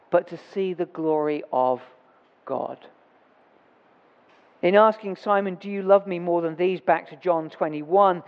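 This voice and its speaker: A man preaching a sermon in a church, talking in a conversational way, correcting himself and reading scripture aloud. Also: high-pitched. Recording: dull reverberant church recording.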